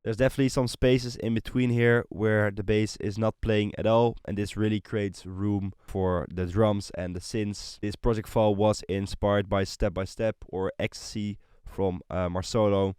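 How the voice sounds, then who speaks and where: A man teaching music production in a screen-recorded tutorial, explaining in a relaxed way with many fillers. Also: on the low side, moderate pace, hardly any pauses, clear, resonant tone, no echo, clean studio sound. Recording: voice over loud synth and drum loops.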